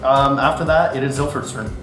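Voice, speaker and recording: A man's voice: mid-range voice, steady tone, brisk. A man runs a tabletop game in a loose, casual way, full of ums and restarts. His voice sits mid-range in a roomy space. Faint music plays beneath. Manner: casual, filler-heavy narration. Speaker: game master.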